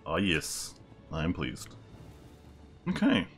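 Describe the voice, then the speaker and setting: A man giving casual, low-key let's play commentary, muttering wry asides as he plays. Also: wildly swooping pitch, slow pace, vocal fry. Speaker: gameplay commentator. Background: game music and gunfire.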